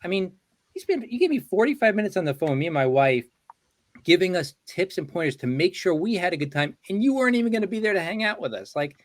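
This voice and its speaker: A middle-aged man telling a relaxed, chatty anecdote on a video call, full of "you know". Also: sits high, fast, dry recording. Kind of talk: casual storytelling.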